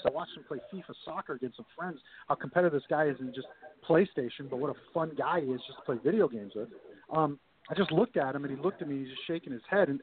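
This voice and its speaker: A man, a sports documentary producer, telling stories on a talk show and acting out quoted dialogue. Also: fairly high pitch. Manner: animated, acts out quoted dialogue. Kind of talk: casual storytelling interview. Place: phone call-in to a talk show. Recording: tinny phone line.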